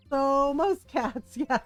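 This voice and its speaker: A woman streaming a video game, chatting casually and rambling with frequent giggles. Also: high-pitched. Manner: giggly, laughs often between rambling remarks. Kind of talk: casual chat while playing a video game.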